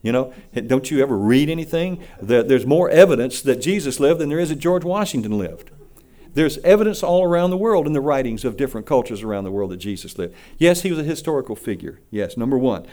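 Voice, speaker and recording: A man's voice: mid-range voice, big pitch swings, a little fast, mellow. A man preaching a sermon in a blunt, emphatic way, repeating key phrases for weight.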